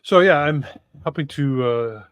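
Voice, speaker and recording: A man from Wisconsin, co-hosting a podcast in casual chat, easygoing and laughing often, with many pauses and uhs. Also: on the high side, dry recording. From Wisconsin, USA. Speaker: podcast co-host, regional coordinator. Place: home room with books.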